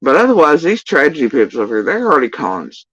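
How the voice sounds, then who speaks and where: A woman's voice: low voice, big pitch swings, fast, fairly bright tone, no echo. A woman giving casual ranting livestream commentary, profane, sarcastic and exasperated, on a dull, dry lo-fi recording. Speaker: YouTube drama commentator.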